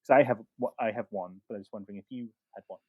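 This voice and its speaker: A man's voice: fairly low pitch, fast talker, no room sound, phone-quality sound. A man in his thirties co-hosting a podcast, chatting casually and rambling with plenty of ums and restarts. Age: 30s. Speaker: podcast co-host. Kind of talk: casual chat.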